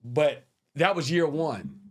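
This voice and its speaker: A man guesting on a podcast, telling stories casually and jumping into loud, high voices when he quotes people. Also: brisk. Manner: animated, jumps into loud high voices when quoting people, restarts often. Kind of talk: casual storytelling. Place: podcast studio.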